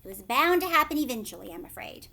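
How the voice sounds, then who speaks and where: Woman, teacher, reading aloud to children, high-pitched, animated. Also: gravelly. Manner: pauses to ask listeners questions, whispered asides.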